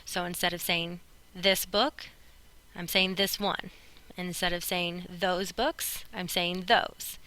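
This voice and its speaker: A woman teacher talks her students through a recorded grammar lesson, patient and clear. Her voice is bright and crisp, with a smooth, resonant tone. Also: fairly low pitch, steady tone, takes it slowly, low-quality recording. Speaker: Spanish teacher.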